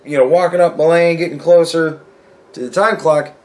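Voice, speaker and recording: A man's voice: fairly high pitch, fairly even intonation, normal speed, a little mellow. A young man telling a work story in a casual, profane rant, acting out the dialogue. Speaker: vlogger.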